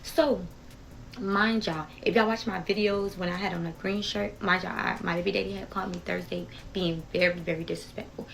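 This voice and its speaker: Bright-voiced young woman telling a story. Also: fairly low pitch, steady tone, brisk, vocal fry, a little hiss or hum, low-quality recording. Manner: emotional, repetitive, talks straight to viewers. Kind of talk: casual storytime vlog.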